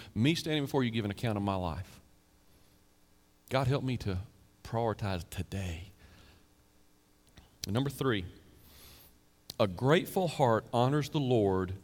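Pastor in his fifties preaching in a hall. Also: medium pitch. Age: 50s. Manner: conversational storytelling, animated, quick asides. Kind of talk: sermon.

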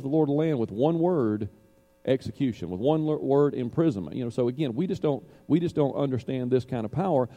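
A man's voice: medium pitch, dark tone. A man preaching a sermon, reading scripture and explaining it in a conversational way with many asides and restarts. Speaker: pastor.

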